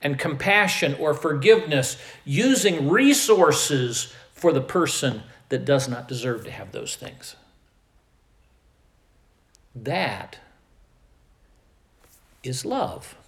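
Slow, echoey man preaching a sermon. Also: fairly high pitch, lively intonation, a bit bright. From American Midwest. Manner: slow, emphatic preaching with rising and falling volume. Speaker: pastor.

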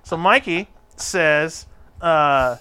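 A man's voice: fairly high pitch, drawn-out words, crowd noise. A man telling a long story in a casual chat, rambling and swearing freely as he goes. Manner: profane, rambling, animated storyteller.

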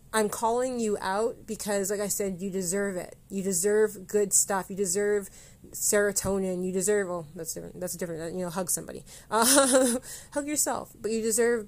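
A woman hosting her own motivational podcast, with a voice of middling pitch. She rambles and keeps correcting herself as she goes, speaking straight to the listener as though she were calling them out. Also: darkish tone. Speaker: podcast host. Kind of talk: motivational solo podcast talk.

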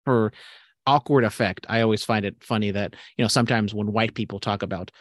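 A man's voice: fairly low pitch, steady tone, fairly quick, dry recording, studio quality. A young man co-hosting a podcast, grumbling and sardonic with casual, profane banter. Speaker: podcast co-host.

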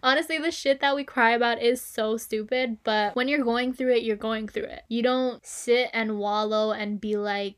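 A woman's voice: on the high side, steady tone, normal speed, few pauses, smooth. A woman in her twenties hosting a casual solo podcast, talking frankly, swearing freely and laughing often. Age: 20s. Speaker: podcast host.

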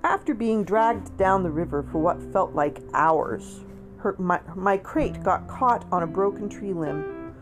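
A woman reading a children's story aloud in an expressive read-aloud manner. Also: mid-range voice, unhurried. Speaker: storybook reader. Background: soft guitar music.

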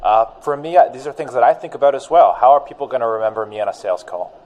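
A man hosting a podcast, chatting in a relaxed and agreeable way. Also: mid-range voice, very fast. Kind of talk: casual podcast chat.

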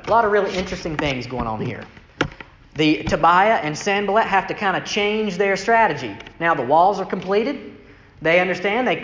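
A preacher giving an evening sermon, reading scripture and explaining it in a relaxed, conversational way, often asking "right?" and acting out the quoted speakers. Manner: conversational, asks rhetorical "right?" questions; acts out quoted speech with shifts in pitch. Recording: echoey hall, dull lo-fi sound.

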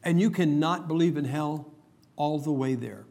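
A man's voice: a little high, normal speed, vocal fry, a little mellow. A man preaching a humorous sermon, telling stories and making emphatic points with jokes. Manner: joking, storytelling, emphatic preacher.

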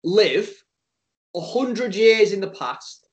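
An Englishman co-hosts a relaxed podcast chat over a Skype call, with a voice that sits a little high for a man. He ribs his co-host, cracks jokes and laughs easily. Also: slow pace. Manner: joking, teasing, laughs often. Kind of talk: casual chat.

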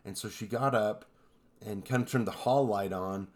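A man co-hosting a podcast, telling eerie stories in a relaxed, rambling way with lots of fillers. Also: fairly low pitch, normal speed. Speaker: podcast co-host. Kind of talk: casual storytelling chat.

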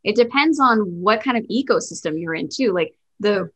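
A woman from Georgia chatting among friends and leaning on stories and examples. Her voice is bright and forward at a middle pitch. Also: expressive, normal speed, slightly rough. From Georgia, United States. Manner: storytelling, fond of examples. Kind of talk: casual group chat.

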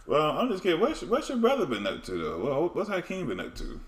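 A man's voice: on the high side, huge pitch swings, fairly quick. A man interviewing a guest in a comedy sketch, asking curious, laid-back questions. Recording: roomy echo.

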